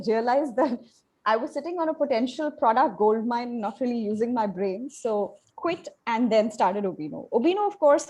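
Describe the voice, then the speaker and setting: A woman, a panel guest telling her career story in a candid, brisk way. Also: a little high, mellow, poor audio. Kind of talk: panel discussion.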